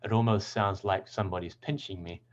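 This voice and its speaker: A man teaching English pronunciation, speaking in clear, deliberate tones and carefully sounding out example words. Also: lowish voice, steady tone, dull audio, a little hiss or hum. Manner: clear, deliberate word demonstrations. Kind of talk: scripted lesson narration.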